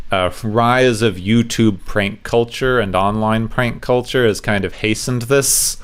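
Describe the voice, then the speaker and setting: Guy cohosting a podcast, lowish voice, smooth and clear, laid back trivia chat. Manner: relaxed, recounts trivia with fillers. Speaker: podcast co-host.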